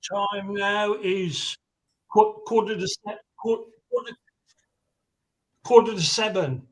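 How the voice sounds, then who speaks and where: A man from England who has lived in Western Australia a long time, with an English accent carrying a slight Australian twang, calling into a live stream and speaking in a hesitant, halting way. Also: sits high, steady tone. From England, living in Western Australia. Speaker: caller.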